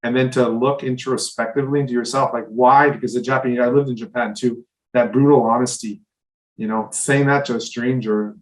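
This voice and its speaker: Man, interview host, enthusiastic, long-winded, mid pitch, slightly distant voice. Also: steady tone, a little fast. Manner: enthusiastic, rambling questions. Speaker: podcast host. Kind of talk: interview conversation. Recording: voice a bit distant from the mic.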